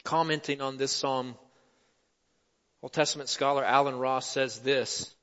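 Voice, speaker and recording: A man's voice: mid-range voice, fairly even intonation, unhurried, fairly bright tone. A man preaching a sermon, building dramatic emphasis as he acts out the quoted lines. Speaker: pastor. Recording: dull sound with long hall reverb.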